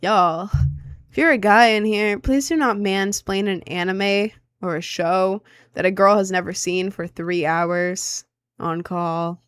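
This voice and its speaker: A woman's voice: medium pitch, steady tone, slow, fairly bright tone, smooth, dry recording, studio quality. A woman in her twenties, streaming and chatting with her viewers, rambling and self-conscious with lots of filler words. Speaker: streamer answering chat. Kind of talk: casual chat.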